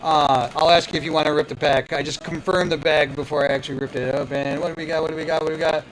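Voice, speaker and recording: A man's voice: fairly high pitch, little pitch movement, fast, soft background music, rough recording. A man hosting a live card-opening stream, hyped and playful, talking straight to his viewers. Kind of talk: excited live stream chatter.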